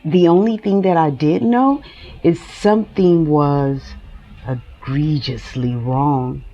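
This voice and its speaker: A woman's voice: low voice, slow pace, warm tone, dull audio. A woman hosting her own podcast, talking candidly and emotionally at home and laughing now and then. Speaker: podcast host. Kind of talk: personal monologue.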